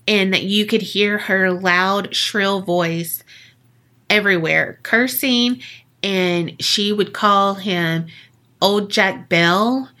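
A woman hosts a podcast and tells a creepy tale in loose, profane, joking chat. Her voice is bright and forward, and she talks at an unhurried pace, scattering "like" through her sentences. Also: medium pitch, steady tone. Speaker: podcast host. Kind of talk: casual storytelling chat.

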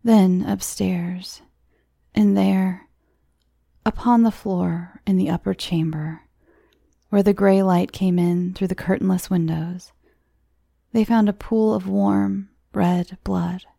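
A woman reading a horror story aloud in a hushed, near-whispered storytelling voice. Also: mid-range voice, fairly even intonation, slow, creaky, no room sound, clean studio sound. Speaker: narrator.

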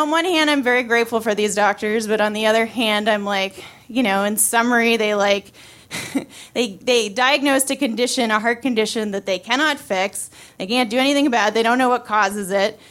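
A woman's voice: on the high side, fairly bright tone. A woman around thirty telling a personal story live, casual and wry, with many fillers and restarts.

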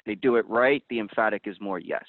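A man's voice: on the low side, a little fast, creaky, no room sound. A man in a casual podcast roundtable who talks animatedly and acts out quoted voices. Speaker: roundtable panelist. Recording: tinny dry phone-like line.

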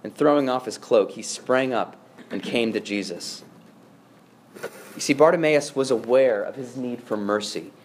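A man preaching a sermon as pastor, earnest, swinging between quiet hushed passages and raised, emphatic lines. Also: a little high. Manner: earnest preaching, dropping to a hush and rising with emphasis.

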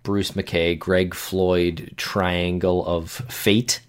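Man, very deep voice, podcast co-host, casual true-crime chat, measured, hesitant. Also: level tone, clean tone.

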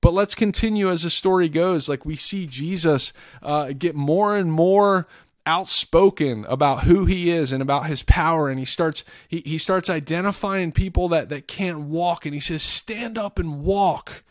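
A male podcast host earnestly retells a scripture story in a casual faith talk, often repeating and restarting words. His voice is a little high and moves at a normal speed, recorded with clean studio sound and no room echo.

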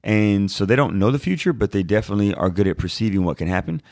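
A man's voice: lowish voice, expressive, quick pace, gravelly, a little mellow, dry recording, studio quality. A man in his thirties reading Scripture aloud and then explaining it in a chatty, informal way to answer a viewer's question. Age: 30s. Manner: chatty and informal, with fillers like "like" and "y'all". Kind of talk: Bible reading and casual teaching.

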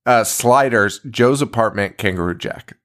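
A man's voice: fairly low pitch, normal speed. A man co-hosting a casual horror movie podcast, laughing often and swearing freely as he recaps scenes. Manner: laughing, profane, animated. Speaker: podcast co-host.

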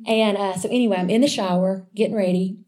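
A middle-aged woman tells a personal story in a relaxed, conversational way. She is chatty and animated, laughs often and speaks straight to her listeners. Her voice sits at a mid pitch. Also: quick pace. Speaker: speaker sharing a testimony. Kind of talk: casual storytelling testimony.

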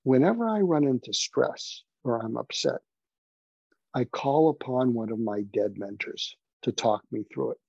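A male podcast guest with a gravelly, husky voice tells earnest anecdotes. The sound is close and dry, with a slightly dull, lo-fi tone. His delivery is conversational and story-driven. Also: medium pitch, animated, a little slow, a little mellow, no echo. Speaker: guest, doctor.

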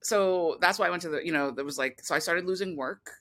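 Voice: mid-range voice, quick pace, a bit bright. A filmmaker talking as a guest in an interview, rambling with many fillers and restarts. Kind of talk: casual interview talk.

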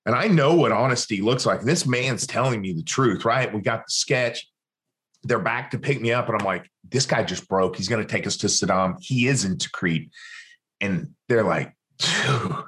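A man's voice: on the low side, fairly bright tone. A man, a former military interrogator, telling his story in an interview and acting out the dialogue as he goes. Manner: vivid storyteller who acts out quoted dialogue.

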